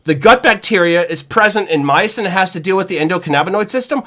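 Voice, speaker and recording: A chef co-hosting a podcast, talking in a casual, animated, profane rant with lots of "y'all.". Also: male voice, high-pitched, fast talker. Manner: animated, profane, says "y'all" and "you know what I'm saying".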